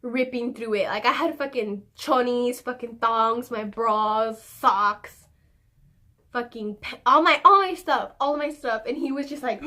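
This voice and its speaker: A young woman tells a story to her vlog audience in loose, casual talk. She is animated, swears freely and often laughs as she goes. Her voice sits a little high. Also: measured pace. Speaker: vlogger.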